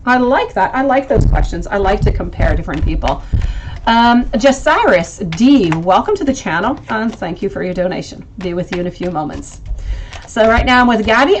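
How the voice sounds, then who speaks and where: This woman hosts a live tarot stream, reading cards for her viewers and affectionately calling them sweetie as she thinks aloud. Her voice sits in the mid-range, with slight background noise.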